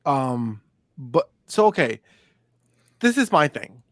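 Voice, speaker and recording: A man's voice: mid-range voice, very animated, slow pace, no echo, clean studio sound. A young man co-hosting a casual chat podcast, talking in a laid-back, rambling way with lots of fillers and restarts. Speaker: podcast co-host.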